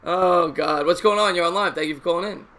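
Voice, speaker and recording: Man in his thirties, New York accent, sports call-in host, high voice, loud background noise. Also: fast talker. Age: 30s. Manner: chatty, laughs easily, repeats himself. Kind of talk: live sports call-in chat.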